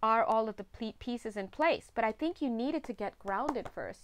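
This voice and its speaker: A woman's voice: a little high, animated, normal speed, a little hiss or hum. Chatty woman reading tarot. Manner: chatty, laughs often. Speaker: tarot reader.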